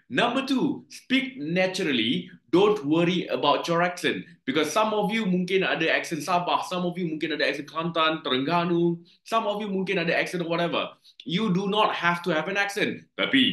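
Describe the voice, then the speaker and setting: A man's voice: medium pitch, echoey room. A man with a Malaysian accent, a teacher giving chatty, jokey exam tips in a casual lesson. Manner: chatty, animated, jokey, code-switching. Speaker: English teacher.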